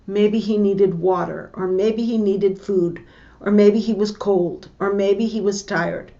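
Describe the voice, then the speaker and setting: A middle-aged woman teaching a lesson, telling a family story slowly and deliberately and acting out the voices of the people in it. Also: medium pitch, steady tone, dark tone. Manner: slow, deliberate, acts out the voices in her story. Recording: dull lo-fi recording.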